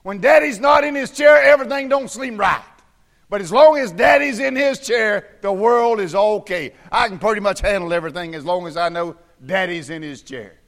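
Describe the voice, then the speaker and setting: A man preaching a sermon in church, swinging from hushed, low tones to shouted fervor. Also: moderate pace.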